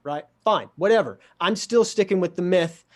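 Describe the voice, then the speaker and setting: A man telling a story in a wry, animated way, acting out the dialogue. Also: high voice, moderate pace. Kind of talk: storytelling in a conversation.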